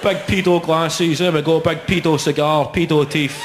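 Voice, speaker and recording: A man's voice: a little high, steady tone, normal speed, heavy background noise. A young Scottish man doing live stand-up comedy in a large venue, with sweary, mocking banter. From Scotland. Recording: echoey hall with roaring crowd. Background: audience laughter and cheers.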